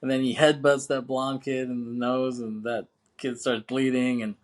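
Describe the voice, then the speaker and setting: A man co-hosting a casual film podcast, speaking at an ordinary middle pitch. His talk is loose and chatty, full of laughter, swearing and "you know what I'm saying.". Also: flat delivery, moderate pace. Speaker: podcast co-host.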